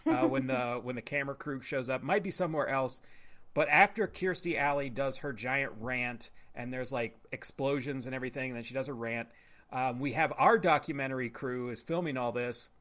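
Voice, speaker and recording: A man's voice: mid-range voice, fairly bright tone. A man co-hosting a podcast, casually and carefully explaining small details he noticed in a film. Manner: measured, explanatory, detail-minded. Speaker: podcast co-host.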